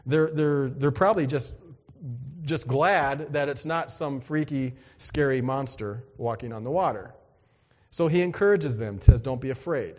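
Lively man preaching in a reverberant hall. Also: mid-range voice, measured pace. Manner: lively, conversational, acts out voices and exclamations. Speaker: pastor. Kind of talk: sermon.

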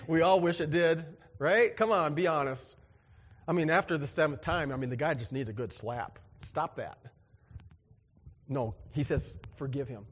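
A man preaching with a voice that sits a little high for a man. He jokes with his listeners and acts out little exchanges, his voice leaping up and dropping low as he plays each part. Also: measured pace, long pauses, breathy edge, big-room sound. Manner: animated and joking, acts out dialogue with big pitch swings. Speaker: pastor. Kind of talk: sermon.

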